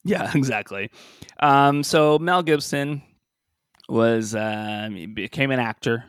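A podcast co-host chats casually, joking and laughing a lot, in a mid-range, clear, resonant voice at a slow pace. The sound is dry and clean, like a studio recording.

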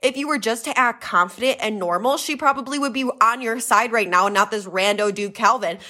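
A young woman co-hosting a podcast, casually recapping a reality dating show and acting out what the cast said in a lower voice. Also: a little fast. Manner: animated, quoting people in lowered voices. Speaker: podcast co-host.

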